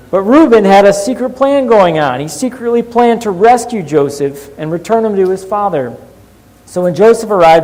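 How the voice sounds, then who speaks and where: A male pastor preaches in an animated, storytelling way, dropping to a hush and then lifting again. His voice sits a little high, and a long reverb trails it through the hall. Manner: animated, shifting from hushed to lively. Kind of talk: sermon storytelling.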